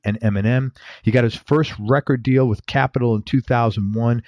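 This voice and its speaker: A man's voice: medium pitch, darkish tone, no echo, muffled recording. A man hosting a casual interview podcast, introducing his guest with jokey, self-mocking asides. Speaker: podcast host.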